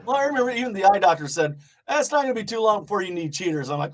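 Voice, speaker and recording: A man's voice: high-pitched, animated, fast. A middle-aged man from Illinois hosting a casual interview, rambling through stories, laughing often and swearing freely. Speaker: show host.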